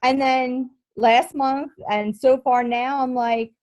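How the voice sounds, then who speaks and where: A woman coach sharing her frustrations in a group call, speaking in a halting way with many restarts. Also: high voice, fairly even intonation, darkish tone, dry recording, rough recording.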